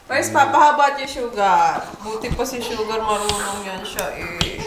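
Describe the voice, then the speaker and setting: A woman's voice: mid-range voice, normal speed. A Filipino woman in her thirties coaxing her baby in a playful baby-talk vlog, switching between English and Filipino. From Philippines. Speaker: vlogger and mother. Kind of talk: casual family vlog. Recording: roomy home room, faint noise.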